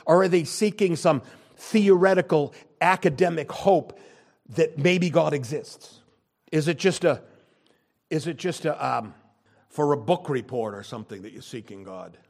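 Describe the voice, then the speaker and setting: An older man preaching a sermon as pastor, emphatic, swinging between forceful declarations and quieter asides. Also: medium pitch.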